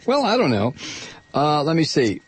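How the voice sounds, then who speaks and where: A man hosting a political talk radio show, reading news in a sarcastic, animated way that climbs into outraged shouting. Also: on the high side, moderate pace, slightly rough.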